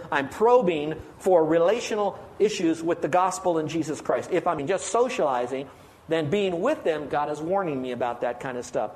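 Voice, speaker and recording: A male pastor, preaching a sermon, asking the congregation questions and slowing down on key words. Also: a little high, darkish tone, slight background noise.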